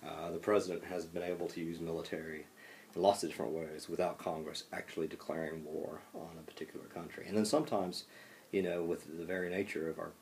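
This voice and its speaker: Male professor, deep and low, chatty lecture delivery, faint room hiss. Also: flat delivery, fast talker, creaky, darkish tone. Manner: conversational, many fillers and restarts. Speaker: college lecturer. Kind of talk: classroom lecture.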